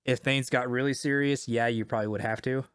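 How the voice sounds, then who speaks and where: A man running a tabletop role-playing game, ribbing his players. His pitch is mid-range and the sound is dry and close. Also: steady tone, fast talker, fairly bright tone, clear, resonant tone, dry recording. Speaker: game master.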